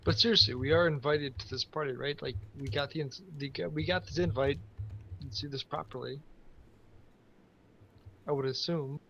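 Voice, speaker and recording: A man's voice: on the high side, fairly even intonation, normal speed, long pauses, sharp tone, muffled recording, slight background noise. A man joking brashly as a player in an online tabletop game, over a computer mic. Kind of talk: casual game chat.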